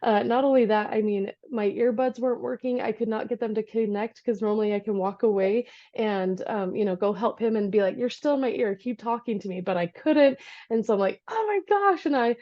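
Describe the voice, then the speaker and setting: A woman in her thirties, an energy healer, chatting casually in a vlog from her home office, animated as she retells her day. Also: medium pitch, fairly quick. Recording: dull lo-fi recording.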